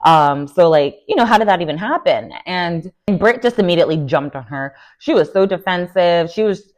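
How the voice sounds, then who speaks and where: A woman casually recapping a reality TV episode, chatty and animated, with lots of fillers and laughing asides. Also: lowish voice, normal speed. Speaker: recap vlogger.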